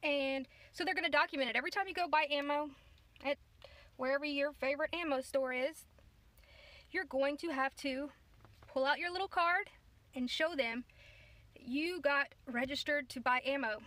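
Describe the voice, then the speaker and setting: A woman's voice: sits high, moderate pace, long pauses, fairly bright tone. A woman talking casually to her viewers, indignant and rambling, often restarting her sentences. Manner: indignant, rambling, self-correcting. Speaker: political vlogger. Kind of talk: casual talk to camera.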